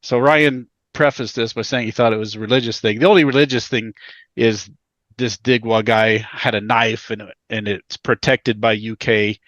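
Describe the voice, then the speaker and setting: A man's voice: lowish voice, steady tone, moderate pace, fairly bright tone, dry recording, lo-fi sound. A man co-hosting a podcast, talking casually with emphatic, indignant repetition of his points. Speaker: podcast co-host.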